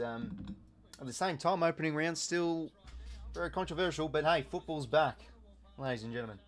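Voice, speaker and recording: Chatty Australian man commentating footy live. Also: on the high side. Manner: chatty, reads out viewer comments, filler-heavy. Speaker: live watch-along host. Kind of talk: casual live game commentary.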